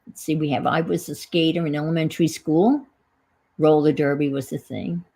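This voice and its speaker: A middle-aged woman with a New England accent hosts a livestream, chatting casually as she reminisces and reads viewer comments aloud. Her voice is low, warm and a little breathy, with fairly even intonation and a moderate pace, captured in a low-quality recording.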